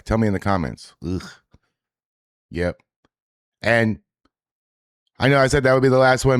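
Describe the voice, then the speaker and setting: A man's voice: mid-range voice, dry recording, clean studio sound. A man hosting an online reaction video, talking bluntly and with a lot of profanity, sounding exasperated. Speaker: host reacting to clips. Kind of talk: casual reaction commentary.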